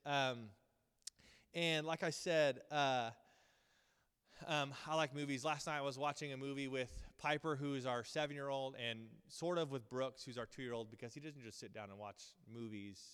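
A man's voice: mid-range voice, steady tone, normal speed, fairly bright tone, smooth. A man in his thirties preaching a casual, earnest sermon to his Bible school group, rambling with many fillers and restarts. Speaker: pastor teaching a Bible school series. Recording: long reverb of a large hall.

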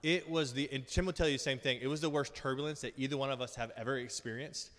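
A male preacher giving a sermon, telling funny personal stories in an animated, self-deprecating way, often laughing at himself. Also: medium pitch, fast. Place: large church hall. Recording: long hall reverb.

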